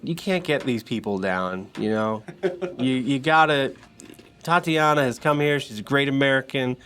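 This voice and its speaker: A man voicing an easygoing, relaxed woman sheriff chatting at a bar. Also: medium pitch, normal speed, a little hiss or hum, natural voice.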